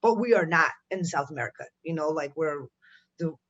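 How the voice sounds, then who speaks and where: Lively woman from Chicago chatting. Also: low-pitched, lo-fi sound. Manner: animated, swearing, quick asides. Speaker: podcast guest. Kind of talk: casual podcast chat.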